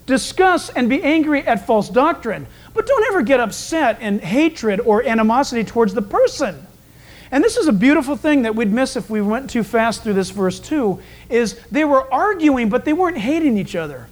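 A male pastor delivers an expository sermon with animated, emphatic energy. His voice sits high for a man. He often breaks into acted-out voices for the people in his stories. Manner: animated, emphatic storytelling that acts out quoted voices.

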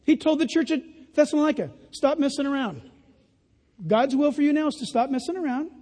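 A man's voice: extremely high pitch, a little fast, warm tone. An older man preaching a sermon as a pastor, emphatic and earnest with playful asides. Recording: long reverb of a large hall.

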